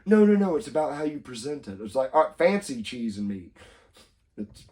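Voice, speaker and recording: A young man co-hosts a casual podcast, rambling at a normal speed in a medium-pitched voice. He laughs often and acts out quotes in silly voices.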